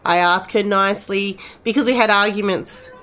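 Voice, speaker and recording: A middle-aged woman chats casually on a live stream. Her talk rambles, with frequent restarts and loose asides to her viewers. Her voice sits at an ordinary middle pitch. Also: fairly even intonation, moderate pace, a bit bright. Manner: chatty, rambling with many restarts.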